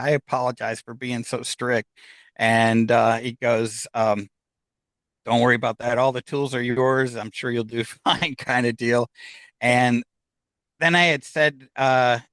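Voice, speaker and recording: A man's voice: mid-range voice, no room sound. Man telling a story, dry close sound. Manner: animated storyteller acting out quoted voices. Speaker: guest. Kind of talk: casual storytelling.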